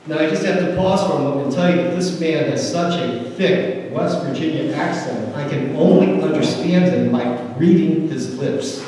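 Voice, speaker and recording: A man delivers a spoken-word sermon as animated, humorous storytelling. His voice is fairly high for a man. It echoes around a large hall, picked up from some distance, with faint room noise behind. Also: moderate pace. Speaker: slam performer. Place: live event hall.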